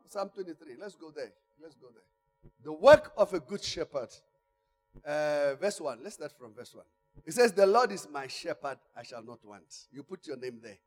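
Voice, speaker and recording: A man preaching a sermon, swinging from quiet asides to shouted exhortation. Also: on the high side, big pitch swings, normal speed. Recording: long church-hall reverb.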